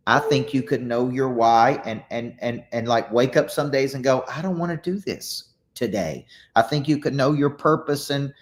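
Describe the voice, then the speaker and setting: A man's voice: medium pitch, moderate pace, hardly any pauses. A middle-aged man with a Southern US accent, a business coach and author giving a motivational talk, telling stories with energy and frequent restarts. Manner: energetic storytelling with repeated restarts.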